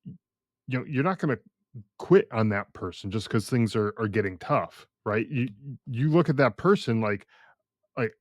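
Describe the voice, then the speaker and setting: A man hosting a podcast, talking thoughtfully with many pauses, "um"s and restarts. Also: mid-range voice, animated, no echo, clean studio sound. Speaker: podcast host. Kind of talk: casual podcast conversation.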